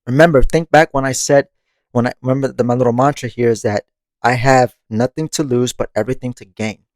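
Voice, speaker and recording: A man's voice: medium pitch, fairly even intonation, brisk, no echo. A man hosting a monthly meditation podcast, reflecting on growth in a casual, conversational way, laughing often and swearing casually. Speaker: podcast host.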